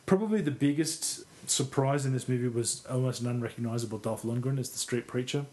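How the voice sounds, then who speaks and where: A man's voice: mid-range voice, brisk, a little mellow. Rambling casual man reviewing films. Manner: rambling, self-deprecating, swears casually. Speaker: podcast co-host. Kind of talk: casual film review chat.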